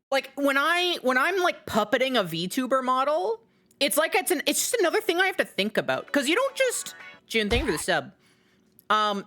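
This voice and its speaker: A woman streamer chatting casually to her live audience, rambling and animated, cutting herself off with fillers. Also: mid-range voice. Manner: rambling, animated, self-interrupting with many fillers.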